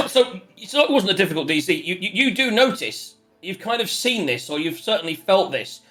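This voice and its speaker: A bright-voiced man narrating as game master, his tone light and fairly high. He laughs often and rambles through the action in a loose, chatty way. Faint music plays in the background. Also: moderate pace. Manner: lively, giggly, rambling narration.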